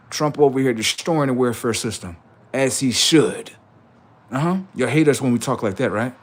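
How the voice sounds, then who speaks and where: A man's voice: medium pitch, normal speed. A man hosting a livestream, ranting in a profane, mocking and repetitive way while reacting to videos. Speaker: livestream host.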